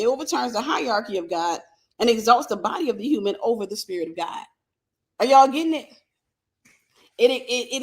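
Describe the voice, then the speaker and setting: A woman minister giving an emphatic, repetitive sermon-style Bible lesson, calling out to her listeners. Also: fairly high pitch.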